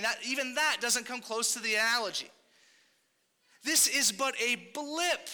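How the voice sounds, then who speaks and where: A young man delivers a sermon in a loose, conversational style, correcting himself and tossing in jokey asides. His voice sits high and rings very bright. It carries the long reverb of a church hall. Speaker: pastor.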